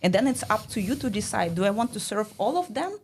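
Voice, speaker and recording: A woman guest on a podcast, explaining ideas in a casual, animated way with many "like" fillers. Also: medium pitch, fast talker, a little hiss or hum. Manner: explanatory, peppered with "like". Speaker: guest, startup studio founder.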